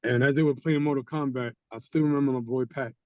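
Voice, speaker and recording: Animated man telling a story, dark voice. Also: medium pitch, fast talker, no echo, lo-fi sound. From Haitian community. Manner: animated, acts out quoted people. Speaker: guest storyteller. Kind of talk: casual storytelling. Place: studio.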